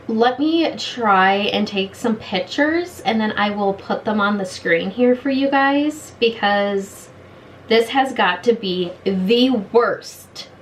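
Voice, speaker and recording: A woman's voice: medium pitch, slight background noise, rough recording. A woman in her late thirties doing a casual makeup review at home in her bedroom, talking frustrated and blunt. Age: late 30s. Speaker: beauty vlogger.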